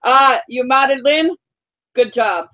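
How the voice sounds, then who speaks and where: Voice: high-pitched, slow, pushed and bright, no echo. A livestream host in casual chat, tossing off short, upbeat remarks. The sound is dry and close, with no room around it.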